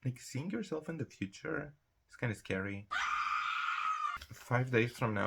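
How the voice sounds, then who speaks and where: A man's voice: fairly low pitch, lively intonation, unhurried, gravelly, a bit bright, a little hiss or hum. A young man talking casually to camera in a rambling solo monologue, jumping into quoted voices and laughing often. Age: young adult. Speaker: vlogger.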